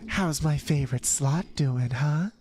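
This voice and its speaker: A sultry, teasing mommy woman, as a male streamer puts her on, purring low and drawn out. The voice drops well below his own and lingers on every word. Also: unhurried, a little mellow, breathy edge, no room sound.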